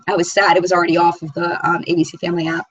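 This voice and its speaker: A woman's voice: lowish voice, flat delivery, quick pace, slightly rough, lo-fi sound. A woman hosting a beauty live chat, reading viewer comments aloud and chatting in a rambling way. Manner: chatty and rambling, often laughing. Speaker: beauty channel host.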